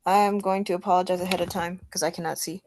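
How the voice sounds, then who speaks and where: A woman's voice: lowish voice, fairly even intonation, quick pace, darkish tone, dry recording. Young woman, student meeting chair, flustered and apologetic, reads names over a video call. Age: young adult.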